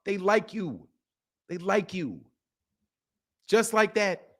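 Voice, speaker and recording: A man in his forties hosting a channel, talking in an animated, repetitive casual rant and laughing often. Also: sits high, slow pace. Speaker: boxing channel host.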